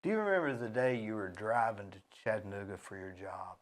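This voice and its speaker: A man's voice: fairly low pitch, fairly quick. A man hosting a studio talk show, prompting his guest with short questions and remarks. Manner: brief prompting questions and interjections. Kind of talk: interviewing a guest. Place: radio studio.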